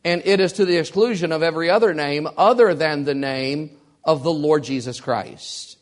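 A pastor, a man, preaching with emphatic, deliberate delivery. His voice sits a little higher than most men's, and he leans hard on his key lines, repeating them for weight. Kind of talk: sermon.

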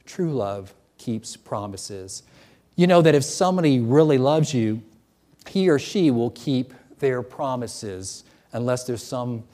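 A man preaching a sermon, animated and acting out scripture with loud exclamations. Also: medium pitch.

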